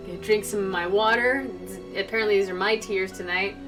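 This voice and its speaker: A woman's voice: medium pitch, steady tone, fairly quick, few pauses, fairly bright tone. A woman streamer reading a visual novel aloud, breaking off into emotional, chatty asides to her viewers, from a distant mic with faint music behind.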